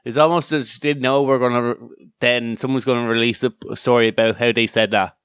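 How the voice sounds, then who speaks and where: A man's voice: mid-range voice, fairly even intonation, a little fast, fairly bright tone, smooth, dry recording, studio quality. An Irish man co-hosting a podcast, chatting casually, rambling and swearing as he tells stories. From Ireland. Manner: rambling, swearing, laughing storyteller. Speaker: podcast co-host. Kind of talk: casual chat.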